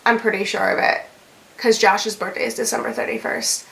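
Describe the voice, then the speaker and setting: A woman's voice: on the high side, little pitch movement, a little fast, gravelly, a bit bright. A young woman vlogger telling a story in a chatty way, with lots of fillers, laughs and swearing. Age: young adult. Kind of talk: casual storytime.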